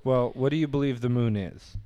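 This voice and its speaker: A man on a casual comedy podcast, firing off quick sarcastic quips. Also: medium pitch, mellow, muffled recording.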